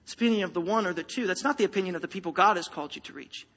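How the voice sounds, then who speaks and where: Very fast and sitting high, this pastor's fairly bright, slightly rough voice drives an emphatic, rousing sermon delivered straight to his congregation. The setting is a church sanctuary, and the audio has the long reverb of a large hall.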